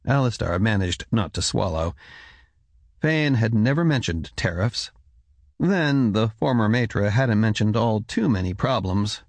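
A man reading a fantasy audiobook in steady, even narration on a close mic. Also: on the low side, a little slow, no room sound. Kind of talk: scripted narration.

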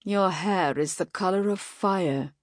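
A woman voicing a sly male demon who speaks in a calm, mildly inquisitive, murmuring way, in an audiobook. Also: on the low side, slow, no room sound, clean studio sound. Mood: teasing.

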